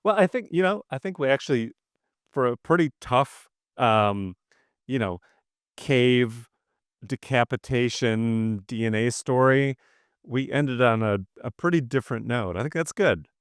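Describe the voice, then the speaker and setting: A man's voice: medium pitch, animated, a little slow, smooth, no echo, clean studio sound. A man from Wisconsin with a Midwestern accent, co-hosting a podcast and telling stories in a casual, enthusiastic chat. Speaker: podcast co-host.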